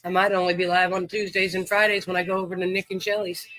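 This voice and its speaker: A man's voice: high-pitched, flat delivery, fast, sharp tone, no echo, poor audio. A man hosting a livestream, chatting easily with viewers and greeting them by name. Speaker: livestream host. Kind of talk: casual chat with viewers.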